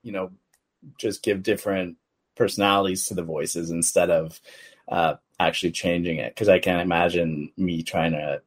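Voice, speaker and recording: A man hosting a podcast, interviewing a guest in a relaxed way with quick agreement. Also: low voice, husky. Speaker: podcast host.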